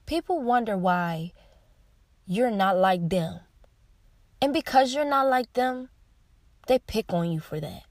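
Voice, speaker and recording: Young woman vlogger, confessional and heartfelt, halting restarts, dry recording. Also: medium pitch, expressive, no room sound. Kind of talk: emotional personal confession to camera.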